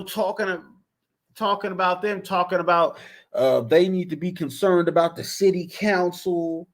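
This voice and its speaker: High-voiced man ranting in slang. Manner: profane, repetitive, exasperated. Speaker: commentary vlogger. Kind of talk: casual rant.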